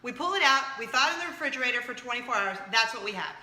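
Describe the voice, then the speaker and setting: A woman in her thirties hosting a casual chat show, excitable and jumping from point to point. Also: fairly high pitch, very fast, echoey room. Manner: chatty, excitable, jumps around. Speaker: show host.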